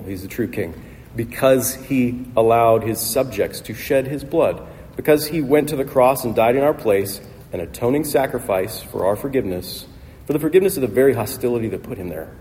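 A man's voice: medium pitch, mellow. Man, pastor, sermon, emphatic repetition, church hall, faint background hiss. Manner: emphatic preaching with rhetorical repetition. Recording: long hall reverb, faint noise.

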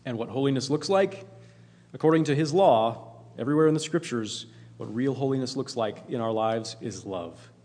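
A man's voice: mid-range voice, moderate pace, a little mellow. A man preaching a sermon in an earnest, emphatic way, often repeating himself for emphasis. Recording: long hall reverb.

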